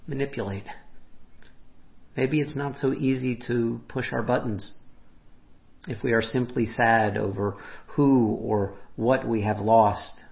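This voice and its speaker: A man preaching as a pastor, speaking gently and unhurriedly, his voice dropping softly on heartfelt lines. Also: mid-range voice, vocal fry. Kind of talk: reflective sermon. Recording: muffled lo-fi sermon audio.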